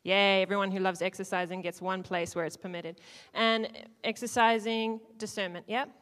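A woman leading an interactive teaching talk to a church group, playful, swinging between loud and hushed and acting out lines. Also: medium pitch, fairly even intonation, normal speed. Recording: long hall reverb.

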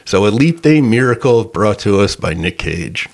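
Low gravelly male podcast co-host, rambling jokey chat. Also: big pitch swings, moderate pace. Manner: rambling, joking anecdotes. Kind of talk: casual movie review chat.

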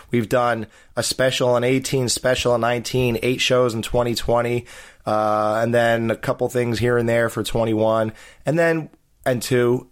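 A man hosting a podcast in casual chat, rambling with many fillers and restarts. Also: mid-range voice. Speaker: podcast host.

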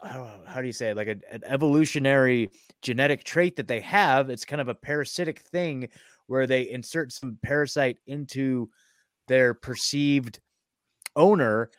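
A man's voice: mid-range voice, normal speed, no echo. Man searching for words, dry sound. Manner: searching for words, many fillers. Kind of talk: casual chat.

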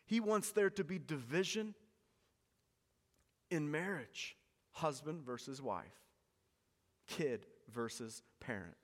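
A man's voice: fairly high pitch, expressive, takes it slowly, long pauses, a bit bright, in a large hall. A man preaching a sermon as pastor, earnest and pleading, often repeating words for emphasis.

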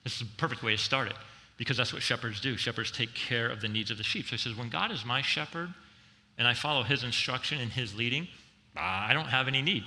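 A middle-aged man preaching a sermon as a pastor, swinging between loud emphatic lines and soft, slow reflective passages. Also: medium pitch. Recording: long reverb in a large hall.

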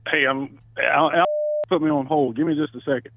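A man's voice: a little high, fairly even intonation, a little fast, noisy background. An older man taking a phone call, firm and insistent, heard over a phone line. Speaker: prank call target.

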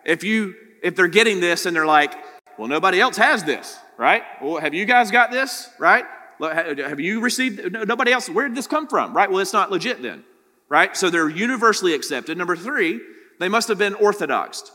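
Bright-voiced male pastor in a reverberant hall. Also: high-pitched, expressive, normal speed. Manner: conversational teaching, frequent "right?" tag questions. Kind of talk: sermon.

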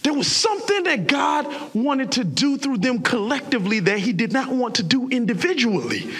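A young male pastor from South Florida, preaching an animated sermon and putting on voices for the characters he describes. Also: very high-pitched, normal speed, a little hiss or hum.

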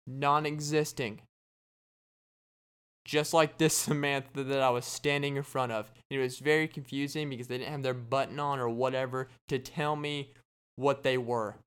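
Man, podcast host, deadpan jokes, slow unhurried pace, smooth clear voice. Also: medium pitch. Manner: deadpan, joking, acts out quoted exchanges. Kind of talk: casual comedic monologue.

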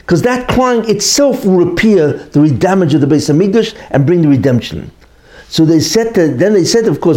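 Animated man teaching with rhetorical questions. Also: high voice, moderate pace. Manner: emphatic, asks rhetorical questions and answers them; repeats key points for emphasis. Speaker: religious teacher. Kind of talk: expository Torah lesson.

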